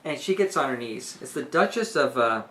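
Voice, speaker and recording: A woman's voice: very deep voice, lively intonation, normal speed, a bit bright. A woman retelling a play in an enthusiastic, chatty way, often checking in with her listeners. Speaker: book reviewer and teacher. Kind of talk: casual explanatory retelling.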